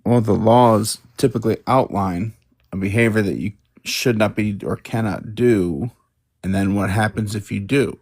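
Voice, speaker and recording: A low, gravelly man's voice, recorded close and dry. He presses his point in a casual debate with probing questions. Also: moderate pace, darkish tone, no room sound. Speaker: podcast co-host.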